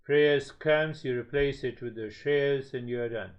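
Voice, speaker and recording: A man giving a spiritual talk as a teacher, speaking slowly in measured, repetitive phrases. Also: mid-range voice. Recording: slightly dull lo-fi sound.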